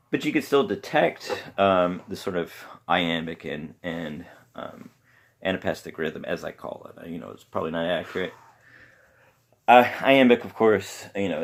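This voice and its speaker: Male podcast host, very low and gravelly, rambles through a casual talk at home. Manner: rambling, halting with many pauses. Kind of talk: casual solo talk on poetry. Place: home room with pets around.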